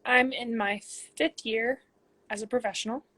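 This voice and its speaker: A woman's voice: a little high, steady tone, normal speed, sharp tone, no echo. A woman in her twenties from Canada, a pro soccer player reading fan questions aloud and answering them in a casual, chatty livestream on her phone.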